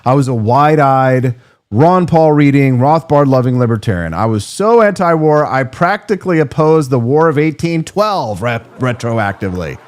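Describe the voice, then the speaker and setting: A man's voice: mid-range voice, expressive, moderate pace. A man in his forties giving a sarcastic, comedic political monologue as a commentator. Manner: sarcastic, mocking.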